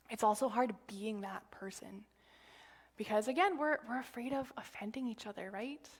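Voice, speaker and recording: A woman's voice: on the high side, normal speed, slightly rough. A woman sharing an informal sermon at church, chatty and rambling, with lots of fillers and asides, whispering when she quotes others. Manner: drops to a hushed whisper for quoted lines. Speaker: church speaker sharing a message.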